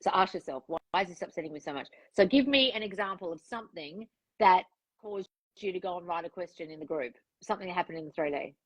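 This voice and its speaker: A relationship and manifestation coach works one-on-one with a client, frank and direct, giving instructions and acting out the thoughts she wants the client to think. Her voice is lowish and quick. The recording is rough, with no echo.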